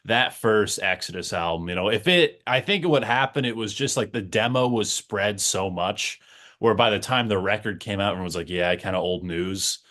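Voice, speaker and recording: A man's voice: lowish voice, normal speed, a bit bright. A man hosting a podcast, asking questions and reacting with enthusiastic short comments. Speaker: podcast host. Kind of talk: casual interview chat.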